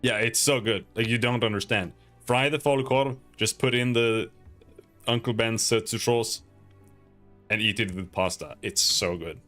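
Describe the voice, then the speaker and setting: A man's voice: mid-range voice, moderate pace, sharp tone, soft background music. A young man with a Swedish accent, chatting casually and rambling on a gaming livestream, swearing now and then. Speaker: streamer.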